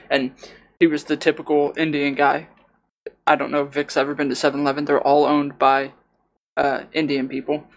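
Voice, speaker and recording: A young man in casual podcast chat with a gravelly, fry-laden voice sitting a bit high for a guy. He rambles through stories loosely and leans on lots of filler words. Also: a bit bright. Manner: rambling storyteller, many fillers like "like" and "dude". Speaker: podcast co-host.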